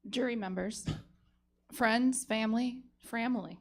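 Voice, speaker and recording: A woman delivering a comic mock closing argument, soothing and then shouting, laughing through her lines. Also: fairly high pitch, unhurried. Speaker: comedy panelist.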